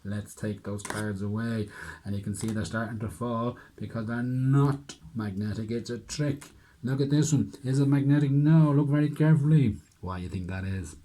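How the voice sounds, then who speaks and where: A man's voice: low voice, a little mellow, a little hiss or hum. Patient man teaching kids a trick. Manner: patient, step-by-step with frequent "okay?". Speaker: preschool teacher. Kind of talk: explaining a card trick to young children.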